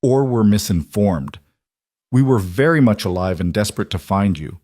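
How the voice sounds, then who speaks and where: A bitter, desperate middle-aged aunt as a man puts her on, emotional and cutting in a narrated western. Her pitch rides up from his natural voice. The recording is dry and close. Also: expressive, normal speed, warm tone, no room sound.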